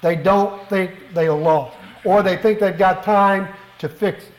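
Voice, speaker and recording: A middle-aged male preacher with a high voice delivers a fervent, emphatic sermon in a church. He leans on rhetorical questions, and his words ring out in an echoey hall. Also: measured pace.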